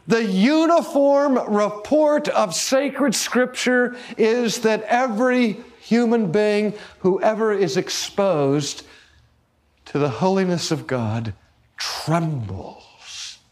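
A man delivering a theological lecture-sermon, speaking deliberately, pressing key words and putting rhetorical questions to his listeners. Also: high-pitched. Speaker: preacher and teacher.

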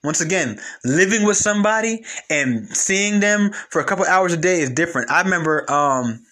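A young man giving a blunt, animated casual monologue on relationships, full of slang and repeated phrases. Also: a little high, normal speed. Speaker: commentator.

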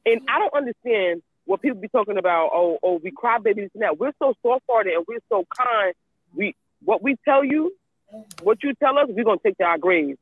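A woman's voice: a little high, lively intonation, moderate pace, breathy edge, dry recording. A woman in casual chat who talks emphatically, repeats herself, and swears freely. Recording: tinny phone-like line.

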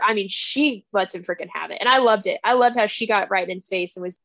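A woman co-hosting a casual book podcast, retelling scenes in an animated way and quoting characters. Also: medium pitch, fast, few pauses, no echo. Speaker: podcast co-host.

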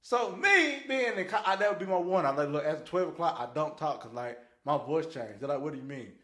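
A man's voice: fairly high pitch, a little fast. A man hosting a podcast, telling stories in a casual, slangy way, laughing often and acting out what people said. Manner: animated, slangy, laughs often, acts out quotes. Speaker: podcast host. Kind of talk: casual storytelling chat. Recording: echoey room.

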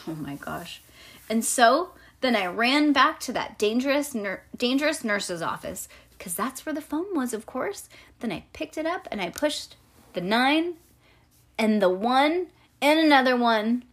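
Woman, children's book read-aloud, fairly high voice, lively, stops to explain things to a kid. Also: unhurried.

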